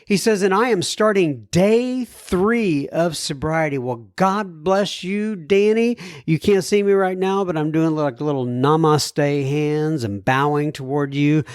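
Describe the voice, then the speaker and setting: A man's voice: a little high, unhurried, few pauses, clean tone, no echo, clean studio sound. A man hosting a podcast, reading out listener letters with chatty asides and stumbling over hard words. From United States. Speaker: podcast host. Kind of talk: reading listener messages aloud.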